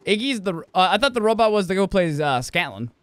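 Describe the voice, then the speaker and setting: A man chats casually while streaming a game, rambling, swearing and correcting himself mid-sentence. His voice is high and bright, with a crisp, clean tone. It swings around a lot in pitch, and the sound is dry and close to the mic. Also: very animated, fast, no echo. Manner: rambling, profane, laughing, self-correcting. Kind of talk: casual gaming stream chat.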